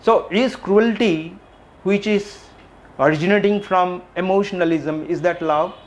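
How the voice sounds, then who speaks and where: A middle-aged man giving a reflective public talk, asking questions and repeating phrases with frequent pauses. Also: high-pitched. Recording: faint background noise.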